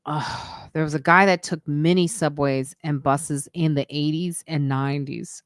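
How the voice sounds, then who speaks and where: A woman's voice: low-pitched, steady tone, unhurried, hardly any pauses, dry recording, clean studio sound. A woman hosting her own podcast live stream, rambling through asides and emphatic comments in casual chat.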